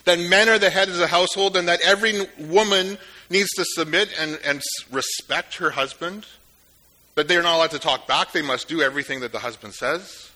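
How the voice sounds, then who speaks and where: A man preaching a sermon in a relaxed, conversational way, retelling a story with joking asides. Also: on the high side, fairly quick. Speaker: pastor.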